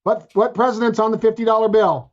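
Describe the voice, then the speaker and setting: A man's voice: high-pitched, fairly even intonation. Brief: playful male podcast co-host, casual banter, dull lo-fi sound. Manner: playful, joking, quick restarts. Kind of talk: casual chat.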